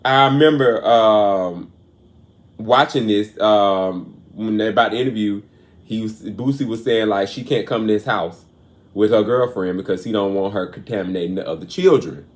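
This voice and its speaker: A man hosting a casual commentary show, earnest and emotional, moving between raised and quiet talk. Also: on the low side, moderate pace. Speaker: show host. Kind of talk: casual commentary on celebrity news.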